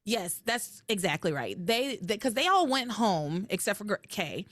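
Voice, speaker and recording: Chatty woman podcast host, pitch all over the place, dry close mic. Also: normal speed, dry recording. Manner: animated, recounting with quoted voices. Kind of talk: casual recap chat.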